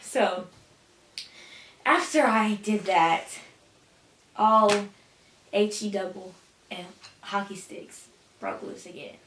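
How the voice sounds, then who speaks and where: A teen girl vlogger tells a story casually, her mid-range voice slow, fairly bright and full of pauses. She's sitting back from the mic, so the echoey room and slight background noise come through, and she's sassy and dramatic, with asides and plenty of "honey."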